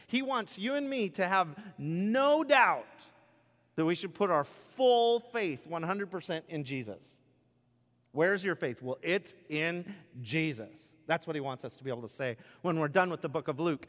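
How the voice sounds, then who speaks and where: A man in his thirties preaching a sermon, telling a self-deprecating personal story with animated delivery and sudden loud outbursts, in a church. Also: a little high, moderate pace. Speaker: pastor. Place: church sanctuary. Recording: long reverb of a large hall.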